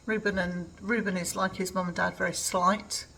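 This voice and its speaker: A woman's voice: on the low side, level tone, moderate pace, creaky, pushed and bright, rough recording. Older english lady rambling on at home, lots of ums, bit of faint hiss behind. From England. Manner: chatty, rambling with many ums. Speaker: vlogger. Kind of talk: casual chat.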